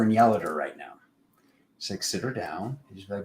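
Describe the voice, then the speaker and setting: A man hosting a casual live-stream tarot reading, talking in an unhurried, rambling spiritual way with many fillers. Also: low-pitched, animated, poor audio.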